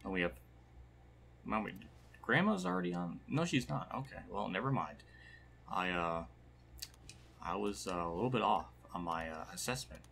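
A man's voice: low voice, lively intonation, normal speed, creaky, long pauses, fairly bright tone, a little hiss or hum. A man casually commentating his own racing game career, rambling, laughing and swearing when frustrated. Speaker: gaming channel host.

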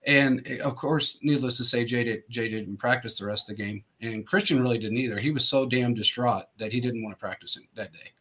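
A man hosting a casual talk show, his voice bright and forward with a husky edge. He spins long, rambling stories, looping back with fillers and restarts as he goes. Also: medium pitch, a little fast, hardly any pauses. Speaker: host. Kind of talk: casual storytelling chat.

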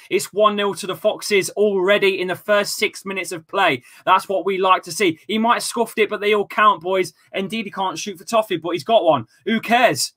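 A man hosting a live football watchalong, talking excitedly, laughing often and shouting during goals. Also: high-pitched, normal speed, hardly any pauses. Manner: excitable, laughing, loud celebrations. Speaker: fan channel host.

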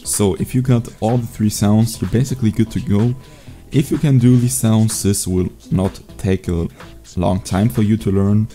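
A young man teaching a beatbox sound in a casual home video tutorial, relaxed and hesitant, with many fillers. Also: fairly low pitch, moderate pace, few pauses, faint music behind. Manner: laid-back, hesitant with fillers. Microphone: USB desk mic.

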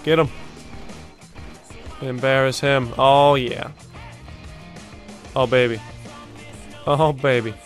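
A young man hosting a video-game montage reaction, talking casually, swearing often and bursting out in excited disbelief. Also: medium pitch, slow, long pauses, soft background music. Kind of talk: casual gaming reaction commentary.

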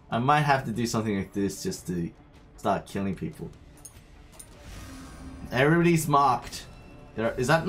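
A man's voice: mid-range voice, moderate pace, long pauses, fairly bright tone. A man streaming a game, chatting to himself and his viewers as he plays. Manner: chatty, talks to himself while playing. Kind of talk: live gameplay commentary. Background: faint game music.

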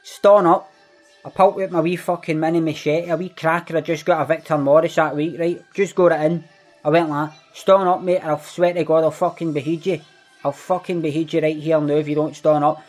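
A man's voice: on the high side, little pitch movement, fairly quick, darkish tone, soft background music, close to an everyday voice. A man with a Glaswegian Scottish accent playing a swaggering, foul-mouthed young Glasgow ned, boasting in a comic monologue. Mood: boastful. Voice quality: heavy swearing, boastful storytelling. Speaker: comedy monologue character. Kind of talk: scripted comedic monologue.

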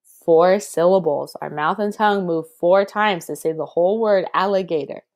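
A woman's voice: fairly low pitch, normal speed, darkish tone. A young woman teaching a children's music lesson, chanting rhythm syllables in an encouraging, sing-song way.

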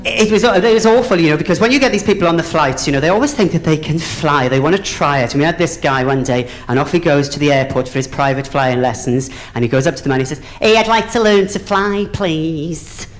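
A man's voice: a little high, fast, hardly any pauses. A man doing bawdy, camp stand-up as a drag comedian on a theatre stage. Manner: camp, bawdy, chatty, calls people "dear".

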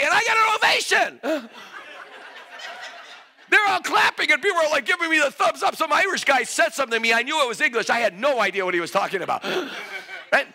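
Guy preaching in church, high bright voice, swings all over, laughs and shouts a lot. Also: brisk. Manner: animated, laughing, rising to shouts. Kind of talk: sermon. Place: church hall.

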